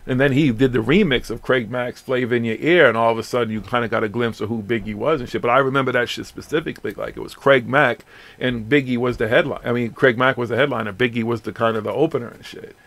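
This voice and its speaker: A man on a late-night radio show tells long stories in a casual, swearing, lively way. He speaks at an even middle pitch. There is some background noise behind him. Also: fast. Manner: profane, animated storyteller.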